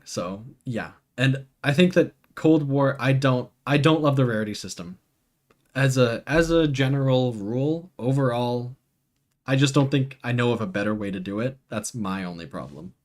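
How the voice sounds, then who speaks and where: A man streaming live and chatting casually, full of fillers and self-corrections, answering viewers by name as he goes. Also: mid-range voice. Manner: rambling, full of "like" and restarts. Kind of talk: casual livestream commentary.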